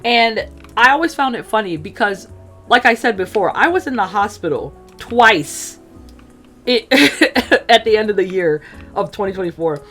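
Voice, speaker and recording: A woman chatting casually as she tells a personal story, full of fillers, acting out quotes in an animated way. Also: medium pitch, unhurried, soft background music. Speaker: streamer telling a personal story.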